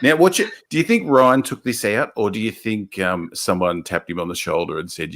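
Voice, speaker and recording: A man's voice: fairly low pitch, moderate pace, fairly bright tone. A man hosting a live show, rambling and sarcastic in casual chat. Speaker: host.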